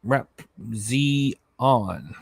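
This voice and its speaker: A man hosts a live stream in a loose, chatty way, reading viewers' messages aloud and stumbling over names. He sounds tired and yawns now and then. His voice sits at an ordinary pitch and is recorded dry and close. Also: expressive, extremely slow, vocal fry, husky, no echo. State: tired, yawning. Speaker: reaction channel host reading live chat. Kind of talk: casual livestream chat.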